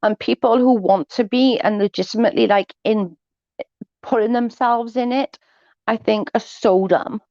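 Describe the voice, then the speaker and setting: A woman's voice: on the high side, moderate pace, warm tone, dry recording. Woman chatting on a stream, blunt and catty, dull dry mic sound. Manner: blunt, gossipy, sarcastic asides. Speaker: livestream host reading viewer chat. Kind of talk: casual chat.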